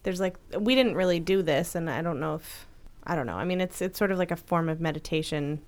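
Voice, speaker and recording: Low-pitched and brisk, she co-hosts a podcast alongside her partner, offering support. The casual chat finds her earnest and reassuring, frequently restarting her thoughts.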